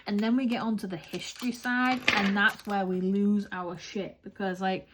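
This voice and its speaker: English woman vlogger, loose chatty ramble with easy swearing, mid-pitched voice. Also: normal speed, noisy background. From England. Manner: rambling, animated, swears casually. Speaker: craft vlogger. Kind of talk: chatty vlog monologue.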